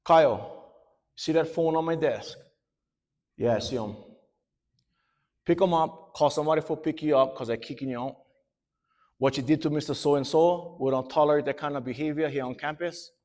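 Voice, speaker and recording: Male storyteller as a stern principal, flat and firm, in a slightly higher register. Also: normal speed, long pauses, natural voice.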